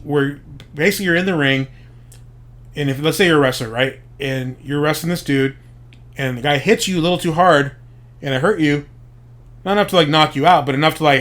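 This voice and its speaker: A man's voice: on the high side, a bit bright. A man giving a casual, profane commentary monologue as a show host, speculating and explaining wrestling slang. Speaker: podcast host.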